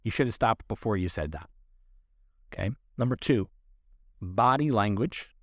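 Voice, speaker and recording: A man's voice: fairly low pitch, lively intonation, normal speed, no room sound, studio quality. A man who trains dogs, explaining training rules to listeners in an earnest, direct instructional way. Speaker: dog trainer. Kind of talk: instructional podcast talk.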